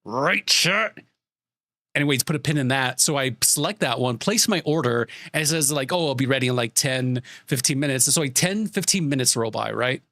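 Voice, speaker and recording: Bright-voiced man ranting to his chat. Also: medium pitch, brisk, no echo, studio quality. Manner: exasperated, swearing, animated retelling. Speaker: streamer. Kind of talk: casual ranting story to chat.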